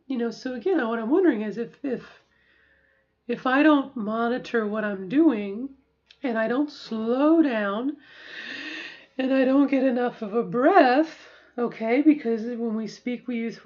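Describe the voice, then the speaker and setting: A middle-aged woman vlogging casually to camera, reflective and halting, practicing slow, deliberate speech while sore after a treatment. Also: on the high side, muffled recording.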